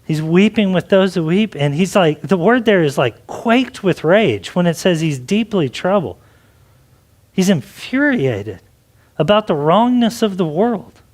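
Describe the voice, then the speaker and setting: A man's voice: a little high, darkish tone. A man preaching a sermon as pastor, in a conversational way with frequent "like" and questions. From Texas. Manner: conversational preaching with many likes.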